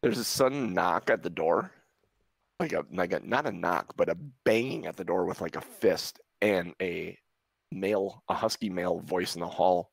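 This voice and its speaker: A man narrating a tabletop game as game master, halting and searching for words. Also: deep voice, creaky, slightly rough, no echo.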